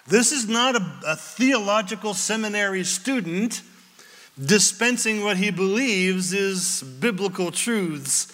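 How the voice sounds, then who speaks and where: A man's voice: high-pitched, expressive, unhurried, pushed and bright, big-room sound. A man preaching a sermon as pastor, in a conversational way with wry humor.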